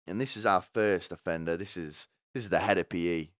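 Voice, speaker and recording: A man's voice: deep voice, fairly quick, no echo, clean studio sound. A young man giving sarcastic, rambling comedy commentary, swearing often.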